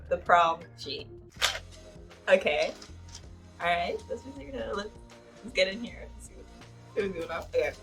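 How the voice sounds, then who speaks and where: A woman vlogging an unboxing, excitable and giggly, talking to herself as she opens gifts. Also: on the low side, moderate pace, long pauses, soft background music. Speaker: manga YouTuber. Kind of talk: unboxing vlog, reading a card aloud.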